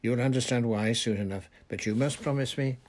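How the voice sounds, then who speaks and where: A man voicing an old male wizard headmaster who speaks low, measured and urgent, reading a storybook aloud. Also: a little mellow, a little hiss or hum, close to an everyday voice.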